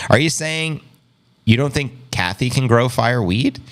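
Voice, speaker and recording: A man hosts a casual livestream, reading viewer comments aloud with playful, joking banter and frequent laughs. His mid-range, fairly bright voice has lively intonation and a moderate pace.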